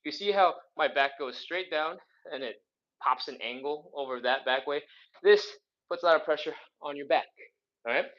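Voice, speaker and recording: Male stretch coach, upbeat and a bit winded, mid-high voice, muffled stream sound. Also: normal speed, fairly bright tone. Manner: upbeat, counting reps, joking asides. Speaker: flexibility instructor. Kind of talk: live follow-along workout coaching.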